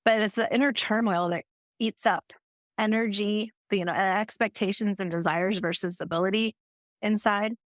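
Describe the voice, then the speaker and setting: A woman talks as a podcast guest, thoughtful and empathetic, turning questions over as she speaks. Her voice sits at a middle pitch with a dry, close sound. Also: steady tone, normal speed, no room sound. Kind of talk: reflective conversational interview talk.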